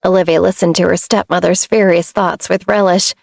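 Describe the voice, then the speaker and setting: A woman reading scripted audiobook narration in a steady, even storytelling manner. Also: on the low side, brisk, vocal fry, no room sound.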